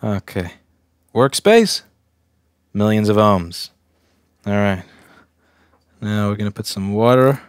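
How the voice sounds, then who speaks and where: Low-voiced man thinking aloud at a workbench. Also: a little slow, pauses often, smooth, no echo, clean studio sound. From Staten Island, New York. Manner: thinks aloud, restarts sentences, blunt. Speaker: repair technician. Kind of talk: casual livestream bench demo.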